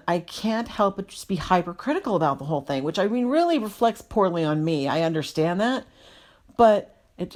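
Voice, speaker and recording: A woman telling a casual story with exasperated, self-mocking energy, her voice jumping up and down as she vents. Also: on the low side. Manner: animated, exasperated, self-deprecating.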